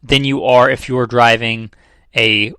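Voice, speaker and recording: Trainer guy talking shop, gravelly voice, dry close sound, repeats his numbers, bit sarcastic. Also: medium pitch, fairly even intonation, measured pace, pushed and bright, dry recording, rough recording. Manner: conversational, repeats figures, dry sarcastic asides. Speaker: firearms trainer. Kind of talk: casual instructional talk.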